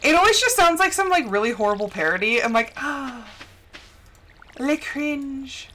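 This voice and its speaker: A woman's voice: fairly high pitch, big pitch swings, quick pace, bright, forceful tone, a little hiss or hum. Giggly chatty American woman streamer. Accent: General American. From central United States. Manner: giggly and chatty, laughs often. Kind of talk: casual gaming stream chat. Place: home. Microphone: close desk mic.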